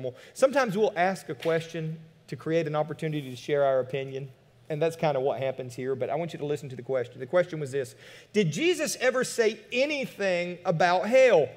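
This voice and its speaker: A male pastor preaching a sermon in a church, animated, firing rhetorical questions and dropping into quiet asides. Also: mid-range voice, big-room sound. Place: church sanctuary.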